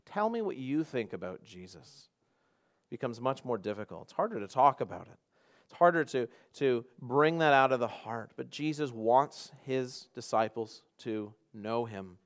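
A male pastor preaches an emphatic sermon at normal speed in a medium-pitched voice. He swings between loud and quiet passages and often repeats and restarts his words.

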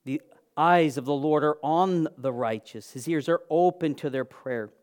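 A man's voice: on the high side, unhurried, a little mellow. A man preaching a sermon, earnest and emphatic, building phrases into lists. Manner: occasional fillers and restarts, clears throat.

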